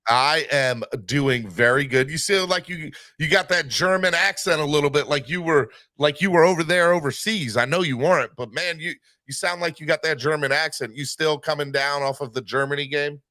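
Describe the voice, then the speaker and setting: A man hosting a live sports fan podcast, talking in an animated, rambling way with many fillers. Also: a little high, normal speed, few pauses, no room sound, studio quality. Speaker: podcast host.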